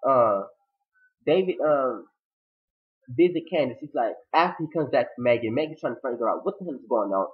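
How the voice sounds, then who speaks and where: A man recapping a TV episode in a casual, slangy, profane way, acting out the characters' lines with lively shifts in his voice. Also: medium pitch. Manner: animated, acts out characters' quotes. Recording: tinny phone-like sound.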